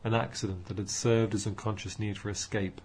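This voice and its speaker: A man narrating an audiobook in a measured storytelling manner. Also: fairly low pitch, level tone, darkish tone, a little hiss or hum.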